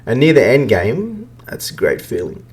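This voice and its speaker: A man's voice: mid-range voice, huge pitch swings, normal speed, a little mellow, breathy edge. A man hosting a podcast, ranting bluntly and profanely about video games in casual talk. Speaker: podcast host. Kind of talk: casual gaming rant.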